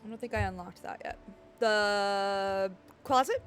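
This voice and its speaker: A woman streaming a game live, chatting casually with her viewers in a playful, excitable way. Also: medium pitch, a little slow, faint music behind. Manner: playful, excitable, jokes with chat. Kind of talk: casual live-stream chat while gaming.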